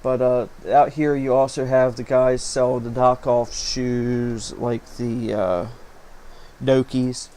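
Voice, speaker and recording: A man's voice: mid-range voice, little pitch movement, takes it slowly, dark tone, poor audio. A man narrating his own vlog footage in a rambling, casual way, with lots of fillers. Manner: rambling, chatty, many fillers. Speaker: vlog host. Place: small hot room with a fan running. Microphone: home recording setup. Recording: faint fan noise.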